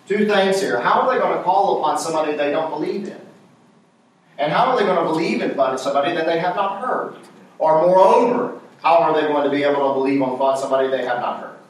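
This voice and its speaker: High-voiced preacher in an echoey church. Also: male voice, fairly quick. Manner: call-and-response questions to the congregation. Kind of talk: sermon. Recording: very echoey church hall, voice from far off.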